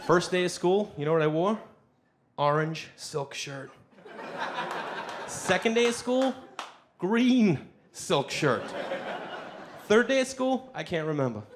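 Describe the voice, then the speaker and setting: A man's voice: high-pitched, slow, long pauses, background noise. A man on stage telling a long comic story to a live audience, acting out the voices of the people in it. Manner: animated, acts out voices of people in his story. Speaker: stand-up comedian. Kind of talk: stand-up storytelling.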